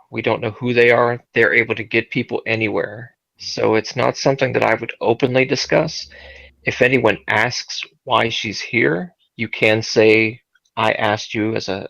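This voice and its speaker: A man playing a tabletop game, speaking in character in a measured, earnest way. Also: medium pitch, vocal fry, a bit bright. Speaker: player. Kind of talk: in-character tabletop role-play. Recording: dull lo-fi sound.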